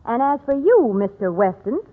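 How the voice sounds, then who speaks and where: An actress playing a spirited, excitable young woman in a 1940s radio drama. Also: a little high, normal speed. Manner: excitable, indignant. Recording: tinny old radio broadcast.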